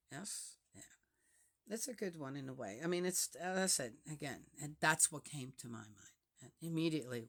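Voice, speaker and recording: A woman reads scripture aloud and breaks off to think out loud about it. Her comments are hesitant and wandering, and she keeps turning to the listener with a questioning "yes?". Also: very deep voice, lively intonation, moderate pace. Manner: musing, hesitant, checks in with listeners by asking "yes?". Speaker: scripture reader. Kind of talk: reading psalms aloud with personal reflection.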